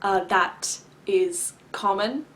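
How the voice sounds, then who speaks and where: Woman vlogger, unhurried and carefully enunciated, mid-pitched, pauses often, fills gaps with ums and throat-clearing. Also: a bit bright. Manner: deliberate, enunciated, with long pauses; frequent filler words and throat-clearing. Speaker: vlogger answering viewer questions. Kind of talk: casual explanatory talk to camera.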